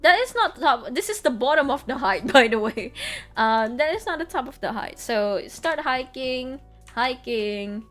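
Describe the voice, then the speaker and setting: A woman's voice: sits high, expressive, measured pace, a bit bright, faint music behind. A woman streamer chatting casually over trip photos, giggly and full of fillers. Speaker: vtuber streamer.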